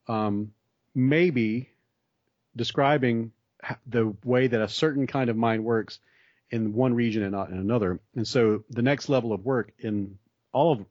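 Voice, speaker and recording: A man's voice: mid-range voice, darkish tone, no echo. An American man explaining ideas thoughtfully in conversation, building his points with examples. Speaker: guest explaining psychology. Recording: dull lo-fi, dry sound.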